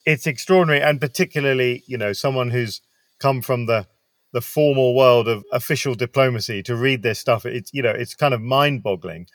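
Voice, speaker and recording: A British man hosting an interview, asking thoughtful, measured questions. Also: mid-range voice, dry recording, studio quality. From Britain. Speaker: interview host.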